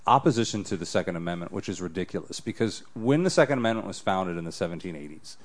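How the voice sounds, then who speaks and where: A man co-hosting a casual podcast chat, riffing and joking in a lively way. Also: sits low. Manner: fast, lively talker who riffs on history and jokes. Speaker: podcast co-host.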